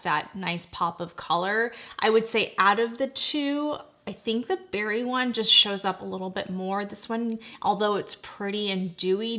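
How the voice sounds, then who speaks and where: A woman in her forties chats through a casual makeup review. Her voice sits at a middle pitch, and she talks in a gushing, effusive way, full of quick exclamations of delight. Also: sharp tone. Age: 40s. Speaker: beauty vlogger.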